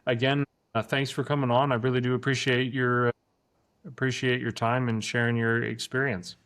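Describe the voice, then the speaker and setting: A man's voice: medium pitch, flat delivery, moderate pace, a bit bright, clear, resonant tone. A man hosting a casual podcast interview, hesitant and self-deprecating, with stumbling restarts. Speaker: podcast host. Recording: roomy echoey room sound.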